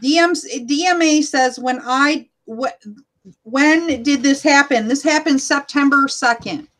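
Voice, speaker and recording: High-pitched American woman, podcast host, chatty, reads comments aloud. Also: measured pace, fairly bright tone. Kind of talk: casual podcast chat.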